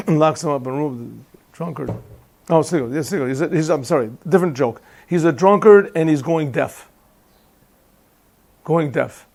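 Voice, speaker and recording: A man's voice: a little high, moderate pace, vocal fry, long pauses, a little mellow. A man teaching a Chassidic class as a rabbi, conversational and joking, often asking the listeners questions. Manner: conversational, asks listeners questions, tells jokes. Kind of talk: Chassidic lecture with jokes. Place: yeshiva classroom.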